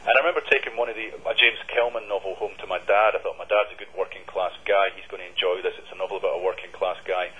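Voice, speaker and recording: Husky Scottish man, bright and forceful. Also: deep voice, steady tone, fast talker, few pauses. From Scotland. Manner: thoughtful, fluent with repeated restarts. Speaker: novelist guest. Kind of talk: interview answers. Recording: dull lo-fi line.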